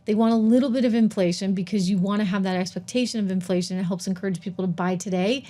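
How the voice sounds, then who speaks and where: A woman's voice: medium pitch, quick pace. Emphatic woman hosting a commentary show. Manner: emphatic, mocking, animated, talks straight to viewers. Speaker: host. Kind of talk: opinion commentary on the economy.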